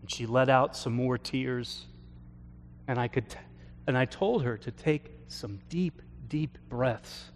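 A man, a pastor, telling a story from his counseling work in an earnest sermon, often trailing off softly at the ends of phrases. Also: mid-range voice, a little hiss or hum. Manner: slow, earnest storytelling with soft trailing endings. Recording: long hall reverb.

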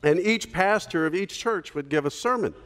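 A man preaching a sermon as pastor, telling a story in a relaxed conversational way with small fillers. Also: sits high, normal speed, long reverb tail.

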